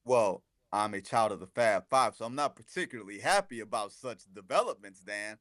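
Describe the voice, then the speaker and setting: Sarcastic, animated man on a dry mic. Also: on the low side, a little fast, no room sound. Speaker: guest basketball reporter. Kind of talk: radio sports talk.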